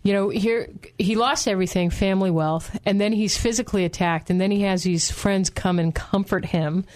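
A woman co-hosting a casual Bible study discussion, talking in an animated way and acting out quotes. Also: normal speed. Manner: animated, acts out quotes with pitch jumps, laughs often.

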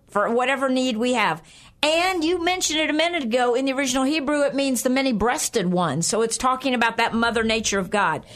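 Older female Bible-teaching co-host, slightly high voice, chatty, laughs. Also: a bit bright. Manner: chatty, laughing, with frequent okays. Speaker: co-host of a Christian program.

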